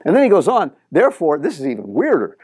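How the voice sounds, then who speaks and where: A middle-aged male pastor preaching a sermon in an animated way, acting out the prayers he quotes. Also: on the high side, fast, breathy edge, dry recording, studio quality.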